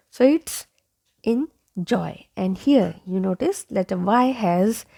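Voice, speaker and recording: A woman teaching English pronunciation online, going slowly and repeating each word several times, sometimes dropping to a whisper. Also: medium pitch, creaky, darkish tone, dry recording, clean studio sound.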